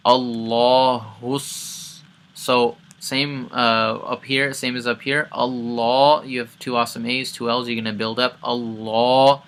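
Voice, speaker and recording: Bright-voiced man teaching Quran recitation. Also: medium pitch, vocal fry. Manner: explains sounds step by step, repeats words, chants recited verses loudly. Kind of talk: casual recitation lesson.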